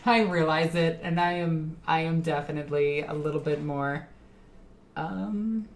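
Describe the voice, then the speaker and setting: A woman's voice: deep voice, steady tone, measured pace, slight background noise. A tipsy woman streamer chatting casually with her live chat, rambling and laughing often.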